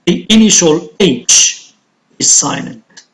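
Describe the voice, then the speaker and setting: A woman teaching an English lesson, saying each word slowly and repeating it carefully for pronunciation. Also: low voice, animated, rough recording. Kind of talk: classroom lesson, slow and deliberate.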